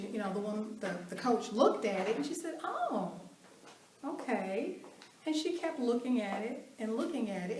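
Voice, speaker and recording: A woman giving a storytelling motivational talk at an event, animated, acting out the voices she quotes and laughing along. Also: a little high, slight background noise. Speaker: motivational speaker. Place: event hall. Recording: roomy hall, mic at a distance.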